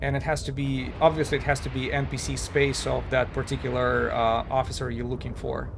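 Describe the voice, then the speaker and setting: A man casually talking while he streams a game, halting and chatty, with many fillers and restarts. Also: medium pitch, level tone, vocal fry, background noise. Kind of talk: casual live-stream commentary.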